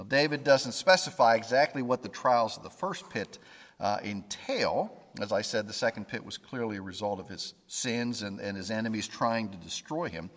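A man giving a conversational Bible lesson, informal and halting, often stopping to restart his sentences. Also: medium pitch, fairly bright tone, big-room sound. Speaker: Bible teacher.

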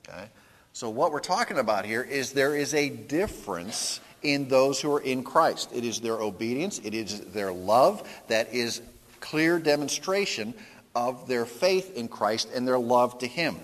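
A man's voice: medium pitch, expressive, moderate pace, a bit bright. A male pastor delivers an earnest teaching sermon, stopping and restarting as he works through his points. His voice sits in the middle range. The church sanctuary gives it a long, ringing reverb.

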